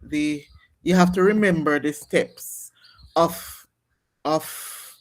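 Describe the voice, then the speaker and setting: A woman's voice: low-pitched, slow. Woman, nursing instructor, classroom lecture, step-by-step explaining, quizzes students. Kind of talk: classroom lecture on exam questions.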